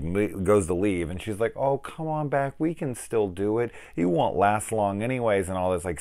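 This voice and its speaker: A man in his forties reviews a film in a loose, rambling way, swearing freely and acting out scenes as he retells them. His voice sits very low. The sound is close and dry, with no room around it. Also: no echo. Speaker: film review channel host. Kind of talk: casual spoken film review.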